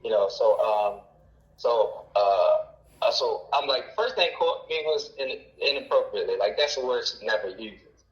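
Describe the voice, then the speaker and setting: A man around forty, a caller telling a long personal story in a halting, rambling way with many fillers. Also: lowish voice, animated, echoey room, muffled recording. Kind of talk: casual storytelling.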